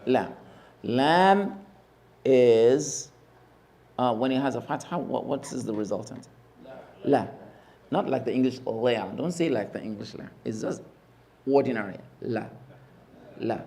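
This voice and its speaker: A man teaching Arabic letters in a mosque class, slowly drilling each sound and repeating the spelling emphatically. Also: medium pitch, animated, creaky, warm tone. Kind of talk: classroom lesson.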